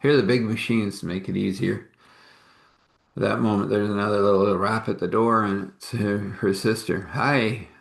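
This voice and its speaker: A man's voice: on the low side, steady tone, brisk, creaky. A man telling a long story in a casual, rambling, homespun way, with many fillers. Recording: echoey room.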